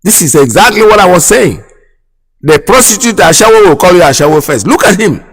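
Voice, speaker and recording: An indignant Nigerian man hosts his radio show and delivers impassioned political commentary. He repeats phrases and fires off sharp rhetorical questions in a fairly high voice. A long reverb trails behind every word. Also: very animated, fairly quick, husky. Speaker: radio host.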